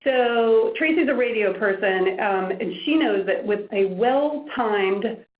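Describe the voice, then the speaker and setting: Animated woman giving media training. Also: mid-range voice, slow pace. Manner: animated, demonstrating voice techniques. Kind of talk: workshop presentation. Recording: echoey room, lo-fi phone-like sound.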